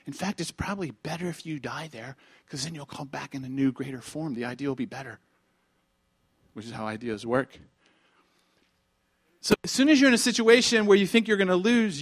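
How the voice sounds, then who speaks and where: A pastor with a voice on the high side preaches an animated sermon, acting out bits of dialogue and swinging between loud and hushed delivery.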